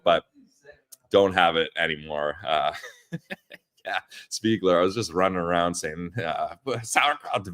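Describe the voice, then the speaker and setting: A man's voice: sits low, fairly bright tone, no room sound. A young man co-hosting a casual live-streamed podcast from a friend's parents' house, laughing often and reading chat comments aloud. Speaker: podcast co-host.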